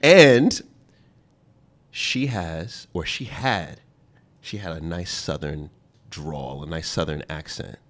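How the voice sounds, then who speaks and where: An interview podcast host speaks in an extremely low, somewhat bright voice. He keeps things playful and casual, laughing a lot and stretching out key words for emphasis.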